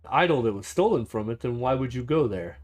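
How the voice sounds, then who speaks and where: A man's voice: mid-range voice, expressive, fairly quick, lightly acted. A man voicing a tall, scarred, rail-thin male stranger who speaks politely and formally in a tabletop game. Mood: puzzled. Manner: polite, formal, easily flustered.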